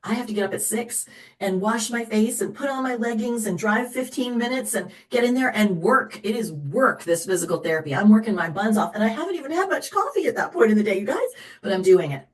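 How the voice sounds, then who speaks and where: A woman's voice: on the high side, lively intonation, fairly quick. A woman sales director leading a motivational team call, chatty, upbeat and encouraging as she coaches her team. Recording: roomy, echoey recording.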